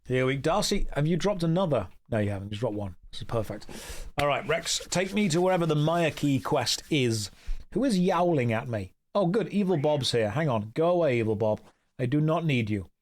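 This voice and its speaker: A man's voice: medium pitch, a little mellow. A British man chatting casually on a game stream, joking, mocking himself and reading out chat. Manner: joking, self-mocking, reads chat aloud.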